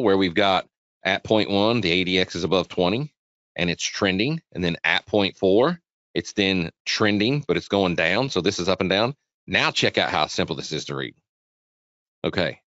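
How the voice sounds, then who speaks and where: A man whose voice sits low and a bit bright, with lively intonation at a moderate pace, presents a trading webinar. He goes through charts live in a chatty, repetitive way and keeps asking listeners questions. It's a dry recording with dull lo-fi webinar audio.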